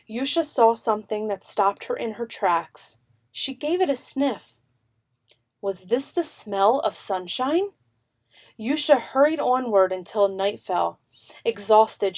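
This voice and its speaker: A woman narrating a children's picture book in an unhurried, expressive way. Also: mid-range voice.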